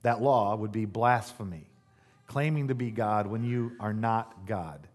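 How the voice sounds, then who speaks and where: A man's voice: fairly low pitch, a little slow. Conversational man preaching a sermon. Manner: conversational asides with rhetorical "right?". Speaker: pastor. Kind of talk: sermon reading scripture with commentary.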